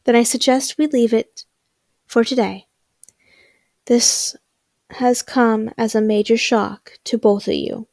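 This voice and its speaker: Stern old headmistress, a woman reading aloud, slow, dry close sound. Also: on the high side, fairly even intonation, gravelly, darkish tone, no room sound. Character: stern elderly woman headmistress, firm but kind.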